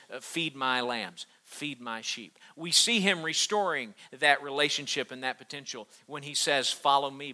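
A man delivers a sermon in a high, strikingly bright voice. He builds to emphatic, fervent peaks, then drops to hushed, drawn-out lines. He restarts and repeats words as he preaches. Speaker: pastor.

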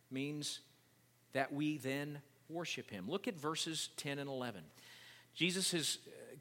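A man's voice: fairly high pitch, in a large hall. A male pastor preaching a sermon, explaining scripture and reading it aloud with growing intensity. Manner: builds from calm teaching to loud impassioned preaching.

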